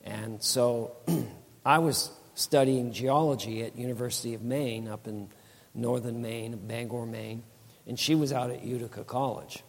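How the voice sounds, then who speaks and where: A man's voice: medium pitch, steady tone, a little slow, creaky, long reverb tail. A man in his sixties giving a rambling, folksy church testimony, with many restarts and laughs.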